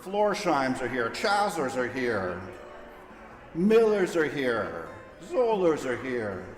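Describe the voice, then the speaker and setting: A man's voice: mid-range voice, big pitch swings, slow, soft background music. A man welcoming people to a service in a playful, informal, joking manner, heard in a large sanctuary. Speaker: service leader. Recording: echoey hall with long reverb.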